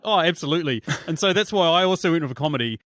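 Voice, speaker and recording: A man's voice: on the high side, expressive, racing, fairly bright tone, dry recording. Aussie guy hosting a movie podcast, dry sound, jokey, does silly voices. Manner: laughs often, acts out lines in a mocking voice. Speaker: podcast host. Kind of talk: casual podcast chat.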